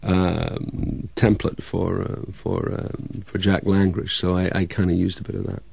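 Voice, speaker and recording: A man's voice: sits low, flat delivery, vocal fry, darkish tone, husky, no echo. A man from Scotland, an actor, with a hybrid Scottish, English and American accent, chatting in an interview and restarting his sentences often. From Scotland, Dundee. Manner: halting, many restarts and fillers. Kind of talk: casual interview chat.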